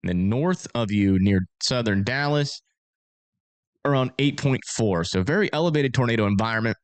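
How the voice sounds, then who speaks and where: A man's voice: medium pitch, expressive, normal speed, no echo. A man hosting a casual livestream, chatting with viewers and talking through storm forecasts in a rambling, filler-heavy way.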